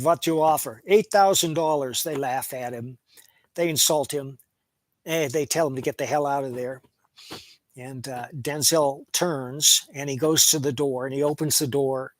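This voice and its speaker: A man's voice: medium pitch, a bit bright, dry recording, poor audio. A man giving a casual, opinionated film review, speaking plainly as he retells the plot at length. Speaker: movie reviewer.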